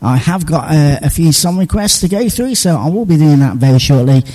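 A man's voice: fairly high pitch, animated, a little fast, mellow, far from the mic, poor audio. Chatty radio DJ, man. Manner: chatty, joking, with many fillers. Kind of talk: casual radio presenting. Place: radio studio.

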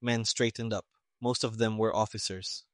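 A man narrating an audiobook in a steady, even storytelling manner. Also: lowish voice, moderate pace, no room sound, clean studio sound.

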